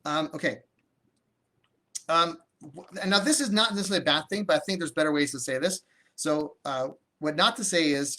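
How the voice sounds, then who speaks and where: On a livestream, a man coaches viewers through real estate deals, answering their comments as he teaches. His voice runs on the high side with a sharp tone and lively intonation at a moderate pace, and he talks energetically and conversationally, often restarting sentences.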